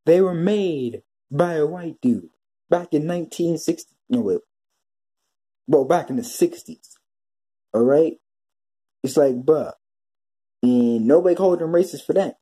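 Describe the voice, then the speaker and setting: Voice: medium pitch, animated, measured pace, pauses often, mellow, husky. A vlogger ranting in a profane, exasperated way, repeating himself and restarting his sentences often. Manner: repetitive, with frequent restarts. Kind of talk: ranting commentary vlog.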